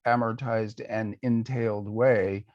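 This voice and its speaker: An older man, a guest author, answering questions in a conversational panel talk, measured and thoughtful with pauses and fillers. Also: lowish voice, steady tone, dry recording, dull audio.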